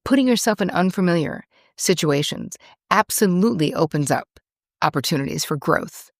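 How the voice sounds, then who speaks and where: A woman's voice: lowish voice, animated, normal speed, no echo, studio quality. A middle-aged American woman hosting a podcast, talking in a chatty, digressive, self-deprecating way. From United States. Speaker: podcast host. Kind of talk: casual monologue.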